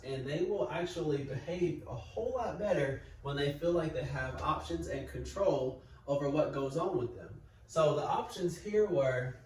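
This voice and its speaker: A man teaching in a calm, patient, step-by-step way, as if talking through notes on a whiteboard. His voice sits a little high. The sound is very roomy and echoey, picked up by a mic some distance away. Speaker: parenting educator. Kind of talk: explaining at a whiteboard. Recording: echoey room, mic far off.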